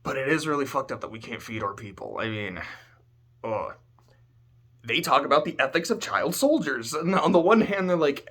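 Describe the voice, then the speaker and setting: A man talking casually about a story, animated and swearing, swinging between loud outbursts and low muttering. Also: moderate pace. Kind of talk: casual spoken commentary.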